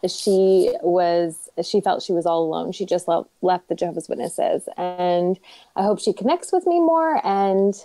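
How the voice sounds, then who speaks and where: A woman's voice: lowish voice, unhurried, mellow, dry recording. A woman on a livestream panel, telling a story in an earnest, rambling way. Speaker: panel guest. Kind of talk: casual livestream chat.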